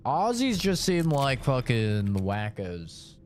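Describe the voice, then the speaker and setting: A man's voice: mid-range voice, wildly swooping pitch, takes it slowly, darkish tone, a little hiss or hum. A man streaming a game, chatting casually in a rambling, joking way with lots of fillers. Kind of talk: casual chat while gaming.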